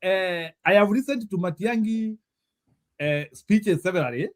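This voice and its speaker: A man's voice: high voice, lively intonation. A man with a Kenyan accent hosting a live stream, chatting casually with a teasing, playful manner. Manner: teasing, playful, quick asides. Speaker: stream host. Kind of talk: casual chat mixing Swahili and English.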